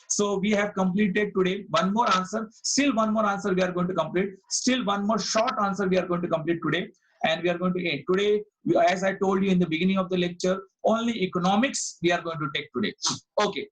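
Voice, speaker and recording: A man with a fairly high voice and an Indian English accent lectures to an online class. He restates each point several times, calls out students' answers and checks them one by one. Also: fairly bright tone, low-quality recording. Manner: repeats phrases, quizzes students, praises answers. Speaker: online commerce tutor.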